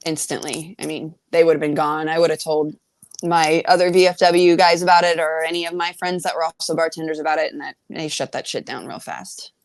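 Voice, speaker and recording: Blunt, lower-voiced woman bartender. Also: flat delivery, fairly quick, dry recording. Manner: blunt, laughing, swears freely. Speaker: bartender guest. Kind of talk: casual chat.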